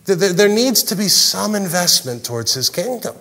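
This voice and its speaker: A man's voice: high voice, big pitch swings, moderate pace, sharp tone, in a large hall. A male pastor preaching a sermon in an earnest way, often repeating words as he presses a point.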